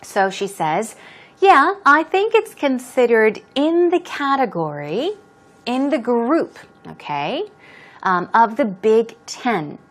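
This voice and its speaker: A woman's voice: fairly high pitch, very animated, slow. A woman teaching English, patiently going through a dialogue and explaining words and stress step by step.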